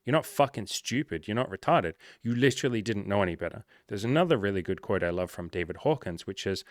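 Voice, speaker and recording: A man's voice: lowish voice, animated, fast, hardly any pauses, no room sound, clean studio sound. A man talking as a life coach, giving casual motivational advice in a blunt, direct, often profane way.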